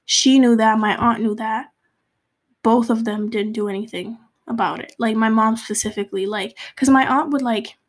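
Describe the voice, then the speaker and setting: In a loose, confessional vlog, a young woman from Cape Verde recounts a hurtful stretch of her life, her voice pitched a little high. The casual story wanders with fillers and false starts, occasionally falling to a whisper.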